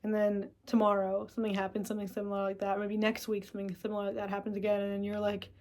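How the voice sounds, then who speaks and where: A woman vlogger talking to camera in a loose, reflective monologue. Her voice sits at an ordinary middle pitch, and she rambles with plenty of swearing. Now and then she acts out her own inner thoughts. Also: monotone, rapid-fire, a little mellow.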